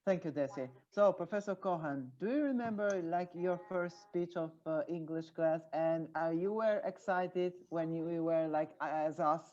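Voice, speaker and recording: A male student asking a question on a video call in a halting way, over muffled, distant call audio. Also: on the high side, a little mellow. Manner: halting, with fillers.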